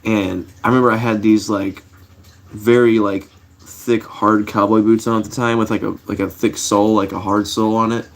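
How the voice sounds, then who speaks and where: A man's voice: on the low side, little pitch movement, normal speed. A man, middle-aged, telling stories casually to a live chat, laid-back and rambling, with many fillers and restarts. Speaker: livestream host.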